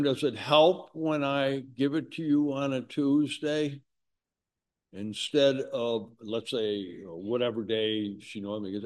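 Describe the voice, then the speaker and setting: A man preaching a sermon in a folksy, conversational way, with asides to his congregation. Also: mid-range voice. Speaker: pastor.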